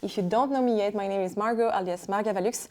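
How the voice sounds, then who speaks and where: A woman's voice: mid-range voice, quick pace, darkish tone. A woman in her twenties with a French accent, speaking English as a second language and presenting items in an enthusiastic casual vlog. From France. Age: 20s. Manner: enthusiastic, fond of repeating words, non-native phrasing. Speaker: vlogger selling secondhand luxury goods. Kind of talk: casual product showcase vlog.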